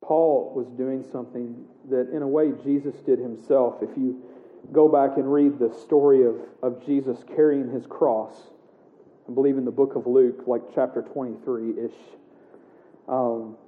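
A man preaching a sermon in a casual, animated way, acting out the scripture he reads aloud. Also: mid-range voice, a little slow. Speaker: pastor. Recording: echoey room heard over a tinny narrow line.

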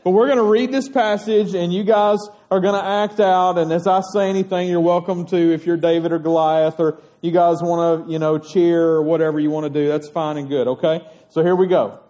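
Animated man telling children a story. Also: a little high, brisk, few pauses. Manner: animated, stretches words for drama, laughs often. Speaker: children's church teacher. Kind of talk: storytelling to children who act it out. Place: stage with children.

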